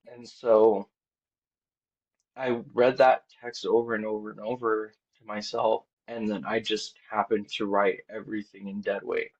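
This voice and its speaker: A man with a lowish voice tells a story in a loose, casual way, full of "like" and quoted dialogue, staying mostly soft and low-key. The podcast audio is a little dull and muffled. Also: a little slow. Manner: rambling, heavy on "like" and quoted dialogue; quiet and low-key, lifting when excited. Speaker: podcast guest, band vocalist.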